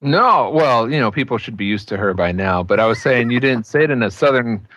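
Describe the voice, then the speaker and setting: A man's voice: medium pitch, expressive, brisk, fairly bright tone, dry recording. A man co-hosting a casual podcast, joking and chuckling. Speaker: podcast co-host.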